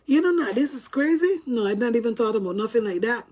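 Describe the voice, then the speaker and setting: A woman's voice: on the high side, lively intonation, fast, few pauses, darkish tone. A woman telling stories to her viewers in a casual, chatty way, laughing often. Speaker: vlogger. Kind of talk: casual storytelling to camera.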